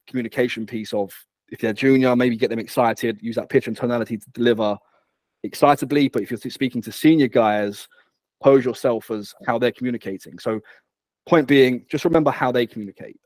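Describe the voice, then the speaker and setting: A man talks as a guest in a business interview. He speaks energetically and often repeats a word before his point comes out. The sound is dry, with no room echo. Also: medium pitch. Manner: energetic, repeats words when starting phrases. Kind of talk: conversational interview.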